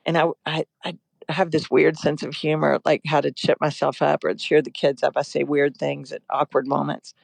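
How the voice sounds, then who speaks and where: A woman guest telling a personal story in an urgent, emotional, quick-flowing way. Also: low-pitched, little pitch movement, gravelly, dry recording.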